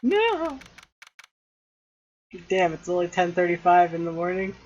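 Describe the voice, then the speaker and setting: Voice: medium pitch, very animated, unhurried, muffled recording. A streamer giving playful, laugh-filled commentary while playing a game. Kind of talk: casual let's-play commentary.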